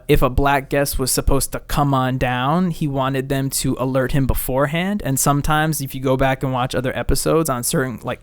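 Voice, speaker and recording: A young man hosting a casual podcast chat, telling a story in an animated way and swearing freely. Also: medium pitch, no room sound. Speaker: podcast host.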